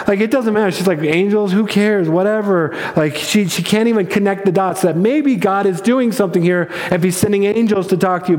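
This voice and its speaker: A male pastor preaching in a relaxed, conversational way, often restarting his phrases. His voice sits high for a man, and it rings out with a long echo in a large church hall. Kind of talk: sermon. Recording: echoey hall with long reverb.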